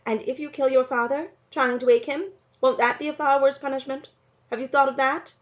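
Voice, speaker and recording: A woman's voice: high-pitched, fairly even intonation, a little fast, pitched above the performer's own voice, lightly acted. A woman reading aloud, voicing a stern, worried mother who speaks firmly and questions pointedly. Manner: firm, questioning. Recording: dull lo-fi recording.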